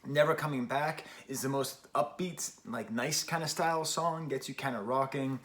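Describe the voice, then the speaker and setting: A man's voice: mid-range voice, steady tone, moderate pace, a bit bright. A man in his forties giving a casual, rambling album review, often restarting his sentences and poking fun at himself. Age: 40s. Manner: rambling, self-deprecating, frequent restarts.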